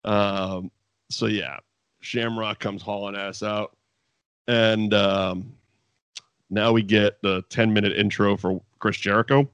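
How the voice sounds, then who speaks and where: A man's voice: fairly low pitch, slow, clean tone, dry recording. A man casually recapping an old wrestling show with a co-host, swearing freely and laughing often. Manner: profane, animated, laughs often. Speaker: podcast co-host.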